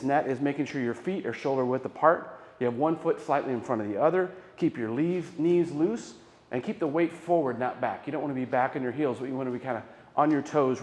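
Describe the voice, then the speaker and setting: A man's voice: medium pitch, a little mellow. Encouraging male choir director in an echoey hall. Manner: encouraging, counts aloud and demonstrates. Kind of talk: guided vocal warm-up instruction. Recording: echoey hall with long reverb.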